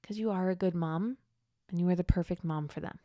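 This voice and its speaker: A woman hosting a podcast, coaching mothers in an encouraging, gently reassuring teaching monologue. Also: fairly low pitch, fairly quick, no room sound, clean studio sound. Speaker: podcast host and Catholic mom coach.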